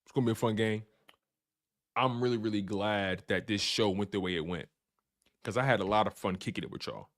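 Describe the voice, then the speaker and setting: Hyped sports show host. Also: male voice, on the low side, fairly quick. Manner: repetitive, hyped, trash-talking fan banter. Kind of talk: animated sports talk livestream.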